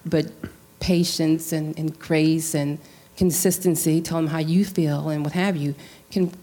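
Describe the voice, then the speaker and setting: A woman from Central California with a lowish, mellow voice tells a personal family story in a casual discussion. She talks earnestly, restarts her sentences and acts out quoted dialogue. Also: fairly even intonation, measured pace.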